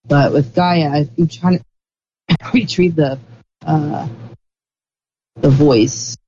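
Woman on a group call, kinda dark mellow voice, rambly, dull lo-fi sound w/ a bit of hiss. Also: sits low, steady tone, takes it slowly, slightly rough, no echo. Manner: rambling, searching for words. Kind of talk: casual group call chat. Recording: dull lo-fi call audio with faint noise.

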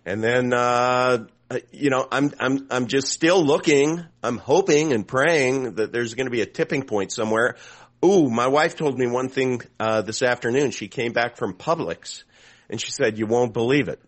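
A man co-hosting a streamed chat over a video call, animated and exclaiming, with halting restarts. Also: medium pitch.

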